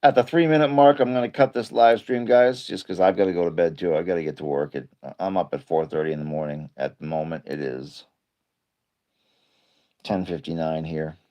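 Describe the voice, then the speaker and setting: A man's voice: sits low, steady tone, brisk, highs cut off. Chatty man live streaming at home. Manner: chatty, greets viewers by name, rambling asides. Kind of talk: casual live stream chat.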